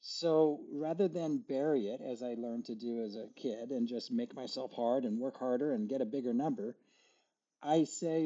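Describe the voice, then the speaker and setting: A man's voice: medium pitch, moderate pace, mellow. A man guest on a podcast, speaking reflectively, stammering and acting out his inner dialogue. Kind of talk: casual conversation. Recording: dull, muffled sound.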